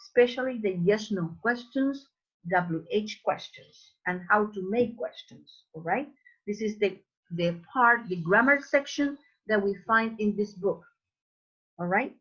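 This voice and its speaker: Slow, husky-voiced woman teaching English. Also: medium pitch, a bit bright, dull audio. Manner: demonstrates sounds slowly, repeating words. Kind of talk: online class lesson.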